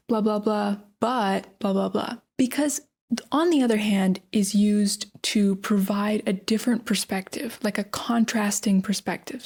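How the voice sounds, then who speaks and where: A woman's voice: mid-range voice, a little mellow. A young adult American woman hosts a casual English lesson podcast. She talks in a chatty, emphatic way, full of everyday fillers. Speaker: English teacher.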